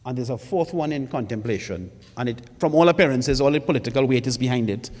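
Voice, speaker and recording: Long hall reverb fills this recording of a man addressing a college forum as a panelist. His mid-range voice is a little mellow, animated and quick, and he makes his case rhetorically and emphatically, hammering points by saying them again.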